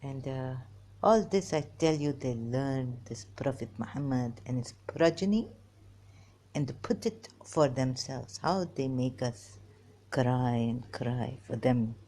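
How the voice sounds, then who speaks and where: A woman talking to her viewers in a rambling personal monologue, halting and giggly, often restarting and trailing off. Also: extremely low pitch, lively intonation, warm tone. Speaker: vlogger.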